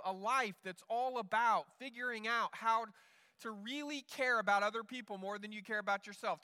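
A man's voice: sits high, pushed and bright, big-room sound. A male pastor preaching a sermon in an earnest way, often repeating words as he restarts.

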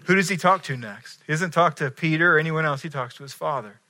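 A middle-aged male pastor preaching a sermon, telling stories with animated voices and dropping from loud to hushed. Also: fairly high pitch, quick pace.

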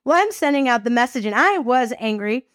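Lively higher-voiced woman telling a story. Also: brisk, no echo, clean studio sound. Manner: lively, expressive storyteller, casual and chatty. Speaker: podcast host. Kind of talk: faith-based storytelling talk.

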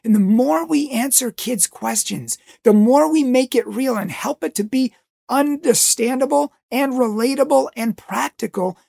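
Man, religious educator, impassioned storytelling, husky voice, dry sound. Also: extremely high pitch, a little slow, mellow, no echo. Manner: pleading, dramatic, acts out voices in anecdotes. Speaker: religious education teacher and speaker.

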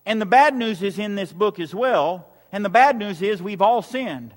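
A man preaching in a high, bright register, repeating a question back to his congregation again and again. His words ring out with a long reverb that fills the large hall. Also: animated, normal speed. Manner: repetitive call-and-response preaching. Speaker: pastor. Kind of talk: sermon. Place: church sanctuary.

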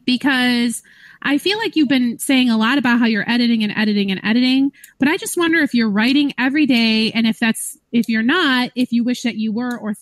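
A woman's voice: fairly high pitch, no room sound. A woman co-hosting a writers' podcast, casual and thoughtful, rambling with lots of "like". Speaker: podcast co-host. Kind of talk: casual chat.

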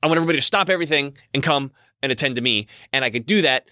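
Give me a man with a bright voice musing aloud in a loose, repetitive monologue. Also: mid-range voice, racing, few pauses, no room sound, studio quality. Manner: rambling, repeats himself, frequent restarts. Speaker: commentator. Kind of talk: casual monologue.

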